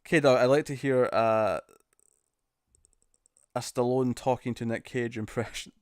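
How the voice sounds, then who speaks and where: A British man chatting live with his viewers in a loose, joking way, often breaking into laughter. His voice sits at an ordinary middle pitch. It sounds close and dry, with no room around it. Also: fairly even intonation, a little slow, a little mellow, smooth, dry recording. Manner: laughing, jokey, attempts bad celebrity impressions. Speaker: streamer host. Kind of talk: casual live-stream chat.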